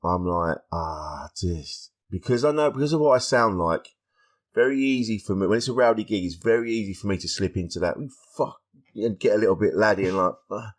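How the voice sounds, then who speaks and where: A man, a stand-up comedian guest on a podcast, telling stories in a lively way and acting out the voices of people he quotes. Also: lowish voice, fast talker. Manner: animated storytelling, acts out quoted voices. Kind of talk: casual podcast interview.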